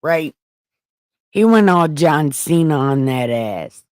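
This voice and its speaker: Low-voiced woman, profane storyteller. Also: expressive, takes it slowly, a little mellow, dry recording. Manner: profane, slangy. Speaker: livestream host. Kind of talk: irreverent scripture retelling.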